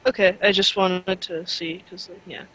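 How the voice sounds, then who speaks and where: Bright-voiced, giggly tabletop player. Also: medium pitch, fairly even intonation, moderate pace, highs cut off. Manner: giggly, talks in restarts and fillers. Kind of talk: casual game chat, in and out of character.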